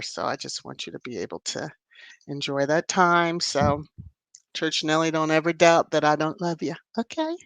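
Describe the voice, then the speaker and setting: Woman host, casual playful livestream chatter, slow unhurried delivery, dry close mic. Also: sits low, no room sound. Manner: playful, chatty, laughs often. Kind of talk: casual live-chat talk.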